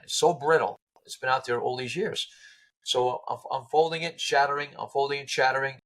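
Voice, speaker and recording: A man being interviewed as a guest, telling a long anecdote in a lively way and acting out the people he quotes. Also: medium pitch, poor audio. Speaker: interview guest, car restorer. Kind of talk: animated storytelling anecdote.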